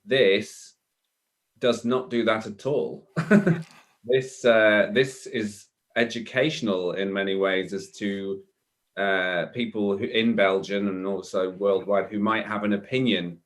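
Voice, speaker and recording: Lower-voiced man musing on a podcast. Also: fairly even intonation, takes it slowly. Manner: thinking aloud with fillers like "you know". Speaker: podcast co-host. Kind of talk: casual podcast discussion.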